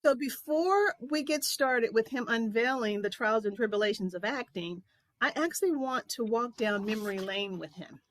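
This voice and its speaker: A woman's voice: a little high, lively intonation, moderate pace, dry recording. A woman hosting an interview talk show, chatting casually and asking about her guest's life.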